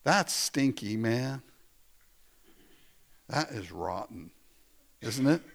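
A man's voice: medium pitch, expressive, drawn-out words, creaky. A man preaching a conversational sermon, often laughing and acting out quoted lines. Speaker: pastor.

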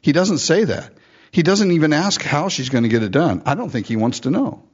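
A male pastor gives an animated sermon and tells a story with chuckling asides. His voice is husky and swings widely in pitch. The recording sounds dull and lo-fi. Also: brisk.

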